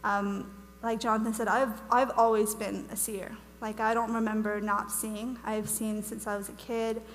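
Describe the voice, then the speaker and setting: At a moderate pace and with little pitch movement, a mid-range female voice delivers a casual conference testimony. She's a young guest speaker from Wales whose accent has turned American, bubbly and chatty, often restarting and using fillers, recorded in a reverberant church hall with a faint hum.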